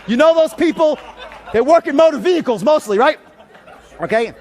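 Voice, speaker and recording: A man telling a story in a seminar talk, animated and profane, often shouting as he acts out the scene. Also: extremely high pitch, normal speed, some chatter behind. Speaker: sales trainer.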